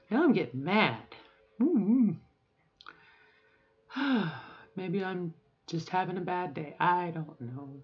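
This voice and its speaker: A woman's voice: fairly low pitch, animated, takes it slowly, pauses often, husky, muffled recording. A middle-aged woman talking frankly and emotionally in a rambling personal video diary, swearing now and then. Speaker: vlogger.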